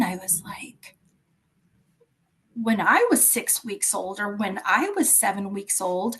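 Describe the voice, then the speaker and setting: A woman's voice: medium pitch, husky, low-quality recording. A woman in her fifties, a podcast guest, talking candidly and reflectively, sometimes dropping almost to a whisper. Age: 50s. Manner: reflective, chatty, drops to near-whisper for secrets. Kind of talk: candid personal interview.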